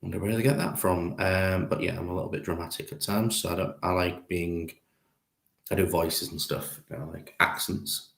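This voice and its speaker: A man with a low voice rambles casually through a live stream as he paints miniatures, often poking fun at himself. He is recorded in an echoey room. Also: fairly even intonation, normal speed, gravelly, a bit bright. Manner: rambling, self-deprecating, chatty with viewers. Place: home conservatory.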